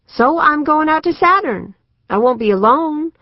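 A woman voicing an excitable, idealistic younger sister who talks in an earnest, insistent way. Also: sits high, moderate pace, no echo, pitched above the performer's own voice. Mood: excited. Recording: dry, slightly muffled studio recording.

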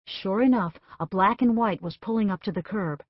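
A woman narrating a romance audiobook in a measured, expressive reading voice. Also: medium pitch, dry recording. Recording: dull, dry studio recording.

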